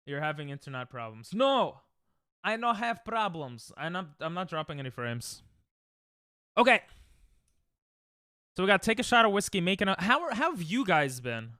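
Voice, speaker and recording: A young man streaming, chatting casually and rambling to his live chat, laughing often and breaking into sudden high yelps. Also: sing-song, a little fast, pauses often, pushed and bright, clear, resonant tone, no room sound, studio quality.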